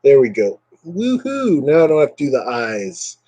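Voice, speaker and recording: A man's voice: mid-range voice, wildly swooping pitch, normal speed, dark tone, dry recording, poor audio. A man chatting casually with live viewers over a webcam at home, joking and sarcastic, rambling from topic to topic. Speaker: live streamer.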